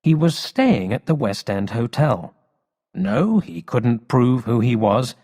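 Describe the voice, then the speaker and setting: A man reads a storybook aloud in a slow, careful pace meant for learners, with his pitch rising and falling in a lively way. A long hall reverb hangs behind every sentence. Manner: slow, expressive storybook reading. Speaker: story reader. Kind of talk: slow read-aloud narration for English learners.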